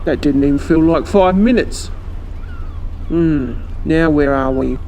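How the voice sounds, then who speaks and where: A woman's voice: low voice, slow, warm tone, a little hiss or hum. A woman voicing a nervous, cheeky young man who talks in jumpy bursts. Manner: jumpy, gossipy.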